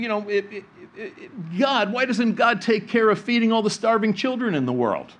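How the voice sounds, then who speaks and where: A man preaching a sermon, reading scripture and explaining it, dropping low and soft for quoted words and rising for emphasis. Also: lively intonation, measured pace. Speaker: pastor.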